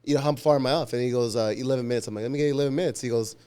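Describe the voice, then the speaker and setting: A man's voice: medium pitch, racing, clean tone. A man telling workplace stories on a podcast, swearing freely and acting out the dialogue. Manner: profane, animated anecdotes with quoted dialogue; frequent laughter and restarts. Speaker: podcast guest, union warehouse worker. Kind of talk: casual storytelling chat.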